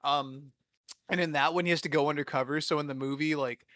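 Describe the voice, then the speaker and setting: A man's voice: a little high, steady tone, brisk, a bit bright. A young man hosting a podcast, riffing in a rambling, profane way and laughing often. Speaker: podcast host. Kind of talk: casual comedic riffing.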